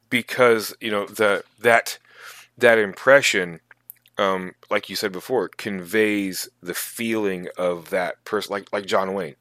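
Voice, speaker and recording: A man co-hosting a tabletop gaming podcast, talking casually in a halting, thoughtful way with many restarts. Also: low voice, fairly bright tone, dry recording, clean studio sound. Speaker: podcast co-host. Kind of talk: casual chat.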